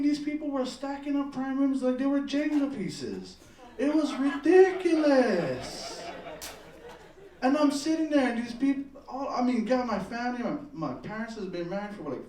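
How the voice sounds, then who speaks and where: A man telling a profane, animated story in a stand-up comedy set on a club stage. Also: very high-pitched, normal speed, roomy sound, far from the mic.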